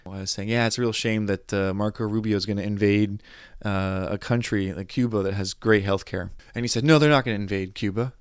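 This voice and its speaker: A young adult man hosting a podcast, telling anecdotes in a casual monologue, animated, quoting others and restarting his sentences. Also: on the low side, brisk, clean tone, no room sound, clean studio sound. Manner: animated storytelling, quoting others, frustrated asides, frequent restarts. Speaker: podcast host.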